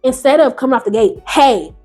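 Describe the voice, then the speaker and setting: A woman hosting a video, reading online stories aloud and reacting in animated, slangy, casual talk, jumping between loud high bursts and low mutters. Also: moderate pace, soft background music. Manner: animated, slangy, talks back to the story. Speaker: YouTube host.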